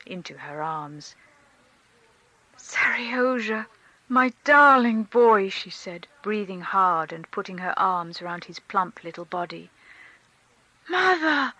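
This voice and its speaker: Bright-voiced woman reading a novel. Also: lowish voice, low-quality recording. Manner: measured, expressive reading. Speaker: audiobook reader. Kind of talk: scripted narration of a classic novel.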